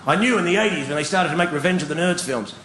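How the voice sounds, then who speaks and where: A man's voice: fairly high pitch, expressive, fast. A man doing a profane, ranting stand-up comedy routine on stage before a live audience. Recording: echoey live venue with noise.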